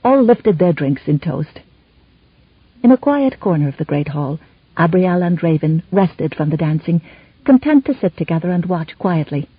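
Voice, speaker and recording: Give me a woman narrator with an animated, slightly breathy voice, recorded dry and a bit muffled. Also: fairly low pitch, normal speed, dry recording. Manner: expressive, even-toned storytelling. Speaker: audiobook narrator. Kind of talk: scripted narration.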